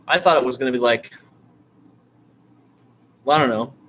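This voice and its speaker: A man teaching an online writing course in a loose, rambling way, full of fillers and restarts, now and then bursting into eager excitement. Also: medium pitch, moderate pace. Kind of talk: casual screen-share lecture.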